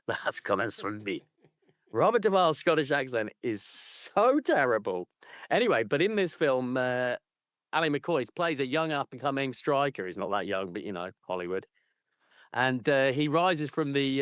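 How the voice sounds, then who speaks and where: Male podcast co-host, lively swinging pitch, laughs a lot, swears, casual banter. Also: no room sound, clean studio sound. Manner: animated, laughing, swears freely. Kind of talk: casual chat.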